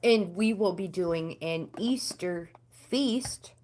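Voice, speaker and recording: Middle-aged American woman, livestream host, low-pitched, casual chatter with viewers. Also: slow pace. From United States. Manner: chatty, talks back to comments, pitch swings up when animated.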